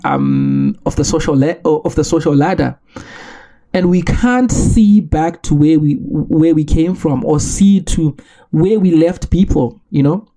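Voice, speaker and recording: A man from Zimbabwe, hosting a solo podcast and making his case in an earnest, measured way with rhetorical questions. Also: a little high, creaky, dark tone. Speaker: podcast host.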